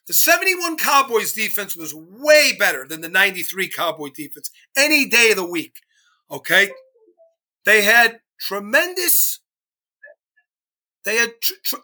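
A man's voice: very high-pitched, sharp tone. A man co-hosting a sports history podcast, talking emphatically and driving his points home with repeated "okay?". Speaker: podcast co-host. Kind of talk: casual sports chat.

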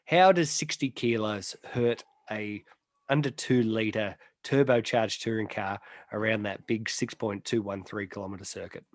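A man's voice: lowish voice, measured pace, dry recording, studio quality. An Australian man hosting a motorsport podcast, chatty and teasing, reading sponsor plugs between banter. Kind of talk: casual chat.

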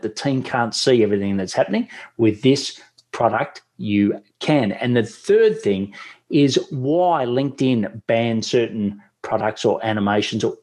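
An Australian man hosts a podcast, talking in a chatty, enthusiastic manner. His voice is husky and sits at a mid pitch. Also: darkish tone. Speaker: podcast host. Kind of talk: casual podcast hosting.

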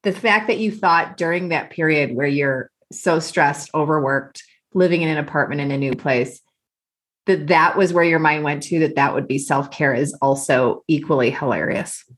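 A woman's voice: sits low, moderate pace. A middle-aged woman hosting an interview, chatting casually and laughing along with her guest. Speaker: podcast host.

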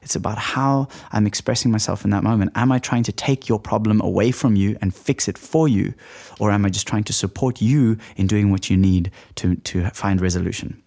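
Low, gravelly-voiced man explaining calmly. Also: a little fast. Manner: relaxed, reflective explaining. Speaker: podcast host. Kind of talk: solo podcast talk.

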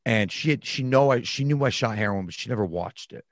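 A man's voice: mid-range voice, expressive, brisk, dry recording, clean studio sound. A man frankly recounting a personal story in conversation. He talks reflectively and often restarts his sentences.

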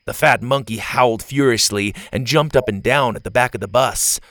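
A man narrating a children's adventure story with an animated, expressive reading. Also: mid-range voice, normal speed, no echo, studio quality.

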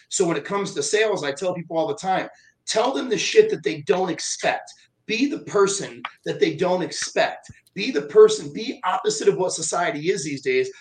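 A man's voice: high-pitched, moderate pace, low-quality recording. A man talking as a podcast guest, blunt and profane, telling stories with a lot of energy. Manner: blunt, profane, animated storytelling. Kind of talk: casual podcast chat.

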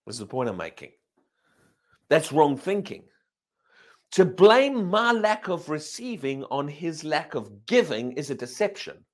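A man preaching a sermon at a church service, animated and firing questions at the congregation. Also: on the high side, unhurried.

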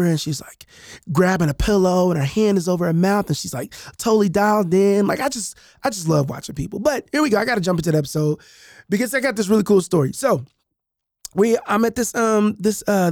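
A man's voice: high-pitched, gravelly, dry recording, clean studio sound. Chatty man telling stories on a podcast. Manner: animated, conversational, many fillers and restarts. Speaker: podcast host and author. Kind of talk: casual storytelling monologue.

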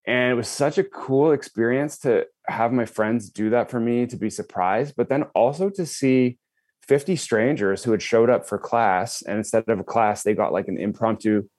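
Animated man telling a story, dry sound. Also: mid-range voice, moderate pace, dry recording. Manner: animated, many fillers and restarts. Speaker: podcast guest, breathwork company co-founder. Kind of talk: casual storytelling.

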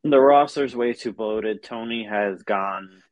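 A man's voice: lowish voice, takes it slowly, no room sound. A man co-hosting a casual podcast, recorded dry and close with no room sound. He laughs easily and trips into stammered restarts as he talks. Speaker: podcast co-host. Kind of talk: casual wrestling podcast chat.

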